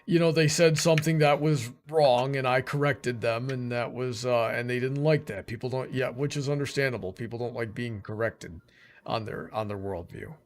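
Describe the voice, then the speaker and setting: A man's voice: medium pitch, moderate pace. A man hosting a casual livestream chat, rambling along with lots of fillers and restarts. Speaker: livestream host.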